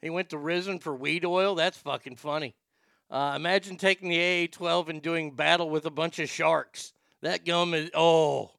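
A man giving crude, excitable casual commentary as he reacts to videos. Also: a little high, moderate pace, gravelly, no echo, studio quality.

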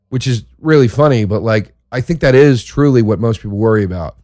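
A man who is a comedian hosting a show, telling a crude story in a casual monologue that swings into excited exaggeration. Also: fairly low pitch, a little fast, no room sound, studio quality.

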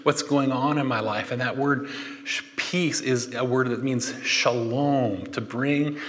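Man, pastor, relaxed joking sermon, mid-pitched voice, long hall reverb. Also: measured pace. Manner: animated, chatty, jokey asides with laughs. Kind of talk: conversational sermon.

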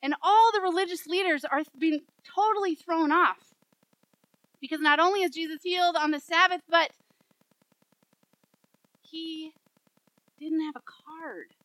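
A woman pastor preaching a sermon, telling a story in an animated way and acting out the voices in it. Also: extremely high pitch, unhurried, long pauses, dry recording, low-quality recording.

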